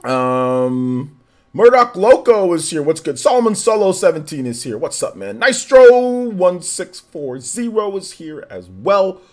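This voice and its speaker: A man streaming a game, chatting casually and giving shout-outs to viewers, his voice a little worn and still recovering. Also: a little high. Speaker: gaming streamer. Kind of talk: live stream chat, greeting viewers.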